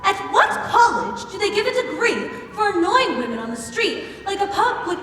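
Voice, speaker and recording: A woman's voice: extremely high pitch, big pitch swings, normal speed, a bit bright, faint music behind, full character voice. Woman playing a prim, indignant librarian. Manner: indignant, precise. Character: prim, sharp-tongued young woman librarian. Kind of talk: stage musical acting. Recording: echoey hall from far off.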